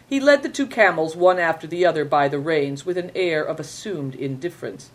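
A woman narrating an audiobook in a measured, even storytelling manner. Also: low-pitched.

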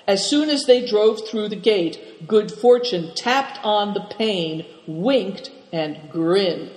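A man narrating an audiobook in a measured, even storytelling manner. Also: high voice. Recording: echoey room with long reverb.

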